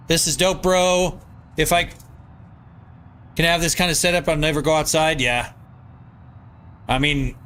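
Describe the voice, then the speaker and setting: A man's voice: on the high side, pushed and bright. A man with a nasal voice, live-streaming from his home basement, reading viewer comments aloud and answering in loose, rambling casual chat.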